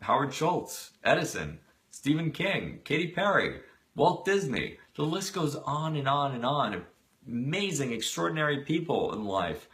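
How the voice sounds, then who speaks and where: A man's voice: on the high side, sing-song, unhurried, a bit bright. A man giving a motivational video talk, earnest and emphatic, urging listeners toward change. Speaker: motivational speaker.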